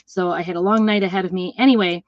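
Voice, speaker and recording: Working with her hands during a live craft demo, a middle-aged host and seller chats and rambles through stories. She talks quickly in a steady, lowish voice, captured in a dry, lo-fi recording.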